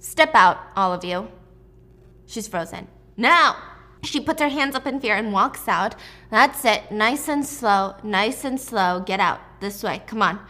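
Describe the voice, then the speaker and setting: A woman's voice: mid-range voice, unhurried, pushed and bright. A woman voicing an armed male hitman who barks clipped orders. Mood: commanding.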